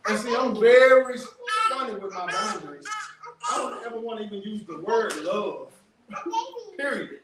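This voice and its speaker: A man giving an animated testimony talk to a workshop audience, telling stories in casual vernacular. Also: high-pitched, moderate pace, long pauses. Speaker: workshop speaker. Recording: echoey room, distant mic, background noise.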